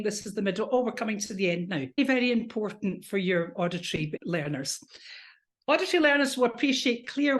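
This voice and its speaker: A woman with a British accent, a coach teaching presentation skills, animated and demonstrating voice exercises. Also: mid-range voice. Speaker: NLP coach and trainer.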